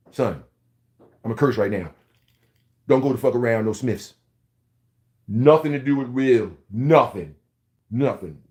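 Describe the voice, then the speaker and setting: Profane ranting man in his forties. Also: medium pitch. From Philadelphia, USA. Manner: loud, profane, heated, rambling storyteller. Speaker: vlogger. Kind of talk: profane comedic rant to camera.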